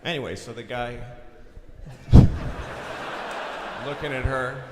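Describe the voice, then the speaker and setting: A man's voice: medium pitch, slow. A man from Boston doing a crude, blunt stand-up comedy set on stage in a large concert hall. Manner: blunt, crude, exasperated rants. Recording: live theater recording with audience noise.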